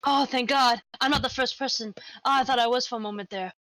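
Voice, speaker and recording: A woman playing a tabletop game, thinking aloud with quick exclamations. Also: fairly high pitch, fairly bright tone, no echo, poor audio. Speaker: player. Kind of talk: casual tabletop play.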